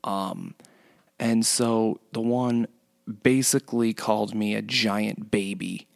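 A man's voice: on the low side, steady tone, slow pace, gravelly, no echo, clean studio sound. A man casually telling a rambling story about his workplace, full of restarts and fillers. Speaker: retail worker telling a work story.

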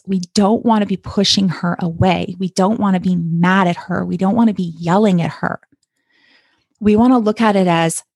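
A woman's voice: medium pitch, dry recording. Encouraging coach woman, dry close sound. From Canada. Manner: warm encouraging coaching talk. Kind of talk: podcast monologue.

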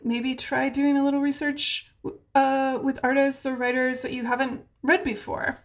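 A woman's voice: high-pitched, little pitch movement, moderate pace. A woman hosting a podcast, asking questions and drawing out her guest. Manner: curious, guiding questions, gentle. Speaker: podcast host. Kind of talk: casual podcast conversation.

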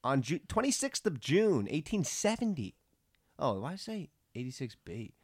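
Animated young man, lively slangy chat. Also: a little high, normal speed, no echo, studio quality. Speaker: podcast co-host recapping an anime episode. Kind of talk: casual chat.

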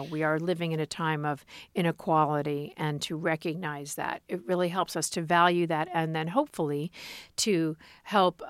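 Low-voiced woman podcast co-host. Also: fairly bright tone, smooth, no echo. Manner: candid, self-deprecating, halting restarts. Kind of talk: casual chat.

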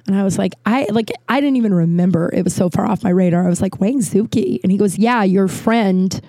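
A woman tells a story in a casual, chatty way, saying "like" a lot, swearing, and acting out what people said. Her medium-pitched voice is brisk and mellow, with no echo.

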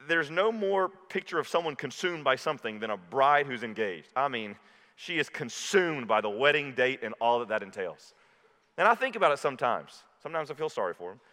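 A man preaching a sermon as pastor, impassioned, dropping low and quiet when he quotes scripture. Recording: reverberant hall.

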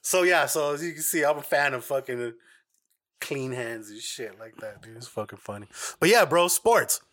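With a crowd audible in the background, a podcast host tells stories in loose, profane chat. His mid-range voice is expressive and moves at normal speed, and he swears heavily, restarts often and laughs as he goes.

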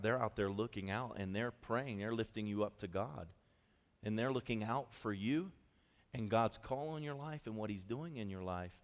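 Male pastor, lower voice, animated conversational sermon, church hall reverb. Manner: storytelling, animated and conversational, quick asides.

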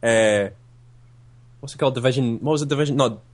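A man's voice: medium pitch, brisk. A man co-hosting a casual gaming podcast, wry and sarcastic in his asides.

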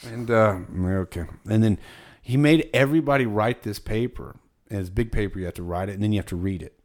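A man's voice: lowish voice, fairly quick, a little mellow. A man hosting a casual podcast chat, telling stories in a profane, heated way.

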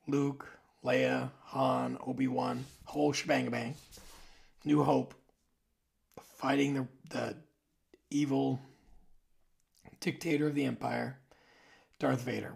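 A vlogger with a heavily creaky, gravelly voice chats to the camera in a loose, wandering monologue. They are in their forties, trail off mid-thought and circle back to fix what they said. The pitch sits in a middle register. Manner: rambling, loose, trails off and corrects himself. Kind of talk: casual rambling monologue to camera.

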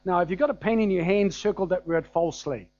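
German-accented preacher with a dull, dry sound. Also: male voice, high-pitched, fast, darkish tone, no room sound. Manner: conversational and anecdotal, with frequent fillers and chuckles. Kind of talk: sermon.

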